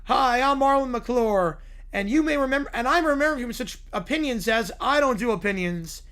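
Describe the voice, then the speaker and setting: A man's voice: very high voice, lively intonation, fairly bright tone, voice pushed up, heavily acted. A man doing a slick pompous cartoon actor. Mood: smug. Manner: slow, announcing. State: hoarse.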